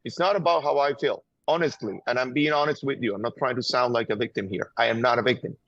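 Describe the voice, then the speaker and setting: A man from Venezuela speaks English with a Venezuelan Spanish accent, pressing his points with emphatic urgency and frequent repeated words. His voice sits at an ordinary pitch. The audio is slightly muffled and dry, with no room sound. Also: fast talker, a bit bright, dry recording. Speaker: guest, gun-violence activist. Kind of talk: impassioned interview answers.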